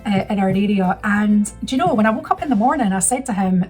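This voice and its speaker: A woman in her thirties chats through a personal story, rambling and restarting, getting emotional as she goes. Her voice sits at an ordinary middle pitch. Faint music plays in the background. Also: lively intonation, normal speed, husky. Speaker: vlogger. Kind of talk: casual storytelling.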